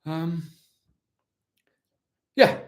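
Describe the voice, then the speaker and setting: A man doing an impression of a proud, weary warrior-captain, talking in a rambling, self-justifying, dryly mock-solemn way during a live question session. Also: extremely slow. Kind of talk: live-stream in-character Q&A.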